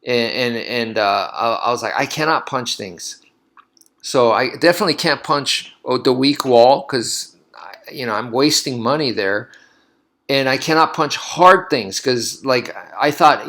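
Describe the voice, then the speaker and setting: A man's voice: medium pitch, moderate pace. A man who teaches martial arts, talking casually in a loose, rambling way and acting out his own past reactions. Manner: rambling, animated storytelling with laughs. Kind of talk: casual monologue.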